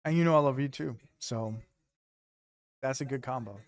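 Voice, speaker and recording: A man with a mid-range voice talks at a moderate pace during a home stream. He keeps the chat with his live viewers loose, tossing out jokes and casual swearing.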